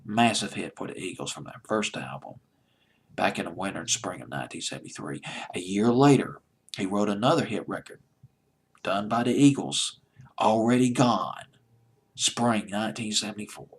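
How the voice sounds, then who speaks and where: Male countdown host, low and husky, nostalgic rambling delivery with self-corrections. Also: moderate pace. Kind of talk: casual solo commentary.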